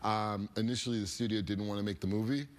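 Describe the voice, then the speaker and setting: Low-voiced laid-back American man guest. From United States. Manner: relaxed, laid-back, halting. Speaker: actor and producer guest. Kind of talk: talk show interview.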